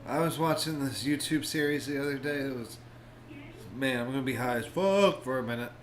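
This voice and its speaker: A man's voice: medium pitch, fairly quick, a little hiss or hum, rough recording. A man co-hosting a podcast in casual, rambling chat while watching a show. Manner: laid-back, rambling, laughs and coughs. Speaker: podcast co-host.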